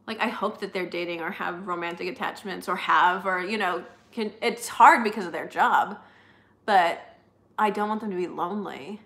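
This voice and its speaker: A woman's voice: on the low side, normal speed, fairly bright tone. A young woman co-hosting a live stream, chatting casually with viewers in a rambling way full of fillers.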